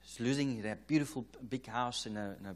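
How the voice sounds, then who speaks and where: A South African man preaching at a church conference. He tells a story in an anecdotal, conversational way and plays out the dialogue line by line, chuckling now and then. His voice sits at an ordinary male pitch. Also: fairly quick.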